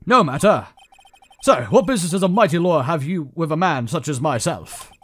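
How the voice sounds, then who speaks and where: A man's voice: fairly high pitch, expressive, brisk, husky. A man doing a pompous British CEO villain. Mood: haughty. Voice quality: loud, haughty, wordy. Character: pompous rich male CEO villain, arrogant. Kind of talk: game playthrough voice acting.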